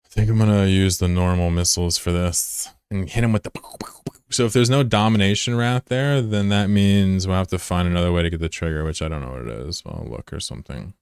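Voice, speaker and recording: Low, smooth-voiced man in his thirties streaming. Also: a little fast, no room sound, studio quality. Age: 30s. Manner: loose, profane, giggly banter with chat. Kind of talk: casual live gameplay commentary.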